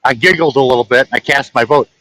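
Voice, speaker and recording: A man's voice: mid-range voice, fast, bright, forceful tone, no echo, rough recording. A man, a truck-driving vlogger, telling a story in a rambling, chatty way and chuckling at his own tales. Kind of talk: casual storytelling.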